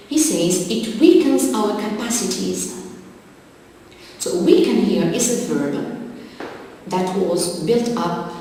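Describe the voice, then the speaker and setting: A woman teaching an English vocabulary lesson on television, spelling out words and their forms in a slow, deliberate way. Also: fairly low pitch, a little hiss or hum. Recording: loud reverberant hall, distant mic.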